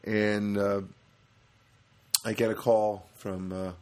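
Low-ish guy voice, rambling self-mocking story, kinda grouchy. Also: level tone, slow pace. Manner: self-deprecating, rambling, grumbling. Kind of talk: humorous anecdote monologue.

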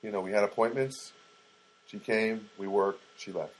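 A man's voice: on the low side, moderate pace, low-quality recording. A man telling a rambling, casual story about his week, with frequent restarts.

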